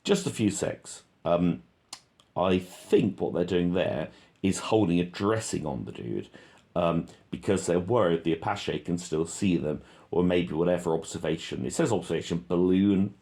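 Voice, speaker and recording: A man's voice: deep voice, moderate pace, creaky, dark tone. A man reading a transcript aloud and commenting on it, in an offhand way with many ums and self-corrections. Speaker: reader and commentator.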